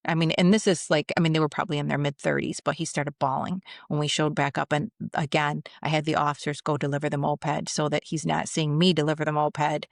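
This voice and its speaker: A woman's voice: deep voice, little pitch movement, a little fast, vocal fry, hardly any pauses, no echo, studio quality. A middle-aged woman, a retired police commander, telling vivid work stories on a podcast. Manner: vivid, anecdotal, acts out quoted voices. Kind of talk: conversational storytelling.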